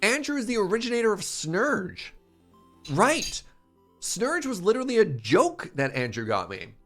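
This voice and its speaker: A man's voice: high voice, sing-song, normal speed, fairly bright tone, soft background music. A man streaming and chatting casually, reading his chat aloud in a playful way and laughing often.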